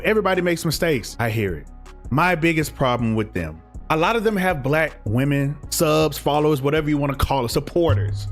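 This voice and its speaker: A young man, giving a blunt, profane, heated commentary rant as a reaction streamer. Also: sits high.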